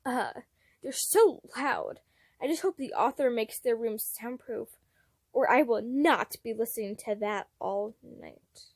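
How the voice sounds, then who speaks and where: A woman's voice: on the high side, unhurried, a little mellow, dry recording, clean studio sound. A woman voicing a smug, scheming young man with a sly, drawling manner. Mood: irritated.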